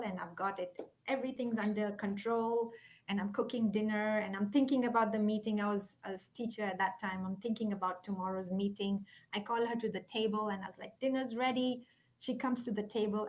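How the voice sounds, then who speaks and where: A woman speaking earnestly and reflectively, telling a personal story, sometimes dropping almost to a whisper. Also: mid-range voice. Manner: earnest, reflective, softens to near whispers at key points. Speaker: guest speaker. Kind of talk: heartfelt conversational storytelling.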